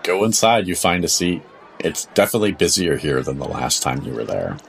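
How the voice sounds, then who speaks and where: A man narrating as game master of a tabletop game podcast, describing scenes in a relaxed, wry way. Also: low-pitched, brisk, gravelly, a little hiss or hum.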